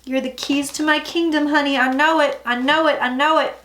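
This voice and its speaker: A woman psychic talking through a tarot reading in a chatty, dramatic way, with sudden loud asides. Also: high voice, steady tone, a little fast, noisy background. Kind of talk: casual tarot reading vlog.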